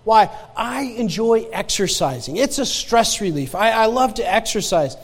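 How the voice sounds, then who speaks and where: A man's voice: high voice, animated, normal speed, long reverb tail. A male pastor preaching a sermon in a conversational storytelling way, often restarting and repeating words and asking the congregation direct questions.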